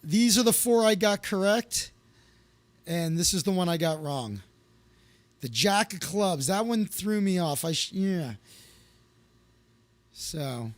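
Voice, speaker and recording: A man's voice: high voice, no room sound. A man hosting a comedy live stream, telling rambling stories to his viewers in a casual way, with lots of fillers and restarts. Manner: loose, anecdotal, with many fillers and restarts.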